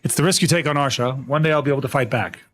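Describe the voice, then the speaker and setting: A young man live-streams a game and talks to his chat excitably, laughing and apologizing. His mid-range voice comes out rapid-fire.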